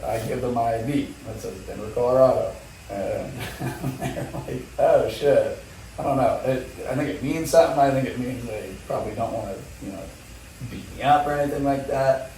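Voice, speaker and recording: A man telling a wild story in casual talk, animated and swearing, laughing often. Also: mid-range voice, heavy reverb, distant mic, a little hiss or hum, low-quality recording. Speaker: guest motorcycle rider.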